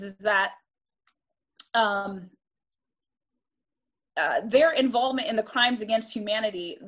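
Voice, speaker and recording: A woman's voice: on the high side, a bit bright, husky. A woman giving a classroom lecture in an earnest, emphatic way, often restarting and checking in with "right?".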